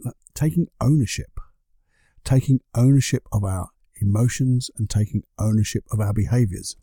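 A man's voice: mid-range voice, mellow, breathy edge, dry recording, studio quality. A man hosting a solo podcast, talking conversationally and asking the listener rhetorical questions. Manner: conversational, asks rhetorical questions, briefly acts out other people's excuses. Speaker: podcast host.

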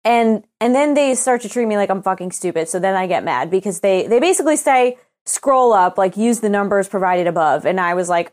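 A woman's voice: mid-range voice, animated, a little fast, few pauses, a little mellow. A young woman co-hosting a podcast, telling a story as a casual rant, swearing freely and acting out both sides of her email exchanges. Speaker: podcast co-host.

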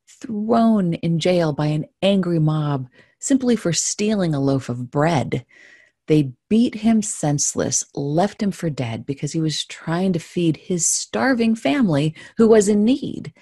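A woman reading her own rhyming story aloud in a gentle, playful, musing way. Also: low voice, animated, unhurried, breathy edge, no echo, clean studio sound.

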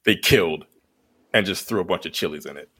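A man's voice: low voice, fairly quick, a bit bright, breathy edge. A man on a podcast reacting with incredulous, profane quips in casual chat. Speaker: podcast co-host.

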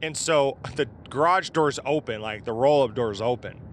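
A man's voice: medium pitch, normal speed, a little hiss or hum. A man from southeast Iowa casually telling a personal encounter story in a rambling, informal way, with fillers and the odd curse word. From southeast Iowa, USA.

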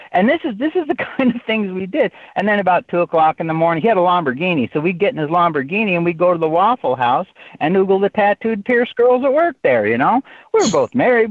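A man's voice: a little high, no echo. A man who is an author, telling a rambling anecdote in an interview and often saying "you know". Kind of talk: storytelling in an interview. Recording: tinny phone-like line.

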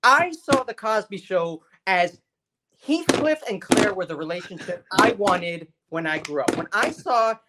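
Podcast co-host, female, swoopy and lively delivery, heated, sweary, mimics other voices. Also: mid-range voice, unhurried, heavy background noise. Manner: heated, profane venting; acts out quoted voices. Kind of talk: casual chat.

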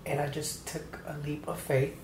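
A man in his fifties from Atlanta, Georgia, telling his story as a choreographer guest in an interview, lively and acting out the voices in his anecdotes. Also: a little high, normal speed. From Atlanta, Georgia, USA. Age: 50s. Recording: roomy echo with faint background noise.

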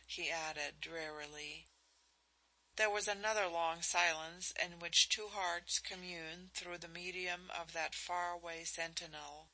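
Woman narrating an audiobook, measured expressive reading, very slow, bright tone, slightly low pitch. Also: low-quality recording.

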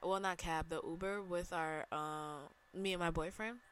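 A woman's voice: lowish voice, steady tone, moderate pace, fairly bright tone, smooth. A young woman from Chicago hosting a casual solo podcast from her bedroom, chatty and rambling, with slang and easy laughter. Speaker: podcast host.

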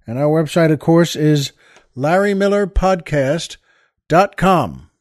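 A man's voice: on the high side, lively intonation, takes it slowly, no echo, studio quality. Rambling man hosting a podcast. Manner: rambling, with frequent fillers and restarts. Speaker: podcast host. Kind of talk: casual monologue.

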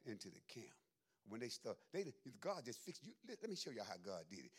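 A man preaching a sermon to his congregation, telling folksy stories with humor and dramatic leaps into high, loud exclamations. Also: vocal fry, breathy edge. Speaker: pastor. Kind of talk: sermon with storytelling.

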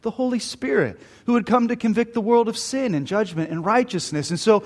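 An earnest male preacher delivers an emphatic sermon at a men's retreat. His voice sits fairly high, and he often restarts mid-sentence. A long hall reverb trails his words. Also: a little fast.

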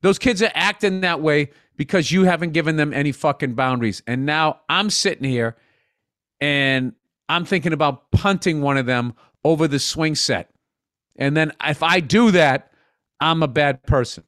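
A middle-aged man trading crude stories with his co-host, profane and animated. His voice sits a little high. The sound is dry and close to the mic. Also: moderate pace, no room sound. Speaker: podcast co-host. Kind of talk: casual crude banter.

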